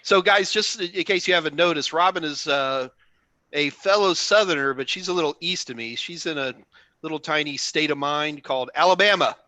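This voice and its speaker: Texan male host, bright and fairly high voice, jokey and chatty, dry close sound. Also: moderate pace, dry recording. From Texas. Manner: joking, chatty, lots of fillers. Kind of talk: live Q&A stream chat.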